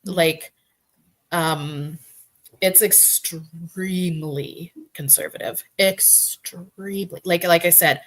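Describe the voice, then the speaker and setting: Low-voiced chatty woman. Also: steady tone, slow. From Canada. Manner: chatty, many "like" fillers. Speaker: podcast guest. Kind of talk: casual chat.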